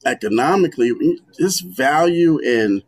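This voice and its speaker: A man's voice: a little high, lively intonation, unhurried, husky. Man reminiscing in short bursts. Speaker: guest. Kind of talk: casual conversation.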